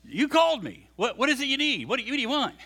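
A man's voice: sits high, very animated, brisk, pushed and bright, pitched above the performer's own voice, exaggerated voice. A man voicing an eager, anxious young boy who keeps asking what he is needed for. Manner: breathless, eager, apologetic.

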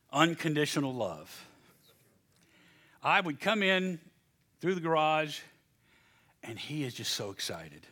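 An older man preaching a sermon in a high, ringing voice. His pitch leaps and falls as he acts out little scenes. He chuckles at his own stories between points. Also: sharp tone. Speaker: pastor.

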